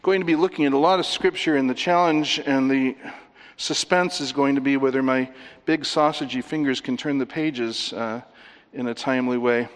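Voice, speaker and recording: A man's voice: mid-range voice, fairly even intonation, normal speed. A man preaching an expository sermon, emphatic as he walks listeners through scripture references. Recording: long reverb of a large hall.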